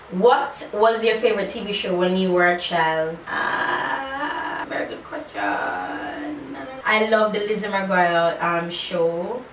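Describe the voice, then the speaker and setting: A woman in her thirties with a Jamaican accent, answering tag questions in a sassy, playful way on a phone video. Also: fairly low pitch. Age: 30s. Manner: sassy, playful, breaks into little sung bits. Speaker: YouTuber. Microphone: phone camera. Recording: roomy, distant phone mic, faint ambient noise.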